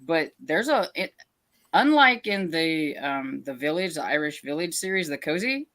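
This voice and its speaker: A low-pitched woman hosts a relaxed reading livestream. She talks in a loose, chatty way and reads viewer comments aloud between her own asides. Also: normal speed. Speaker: channel host. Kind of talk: casual livestream chat.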